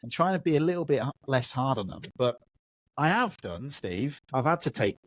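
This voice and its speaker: A man's voice: medium pitch, normal speed. A man in his thirties hosting a podcast, telling stories in a casual chat and acting out the voices of the people in them. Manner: animated storyteller who acts out voices. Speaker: podcast host.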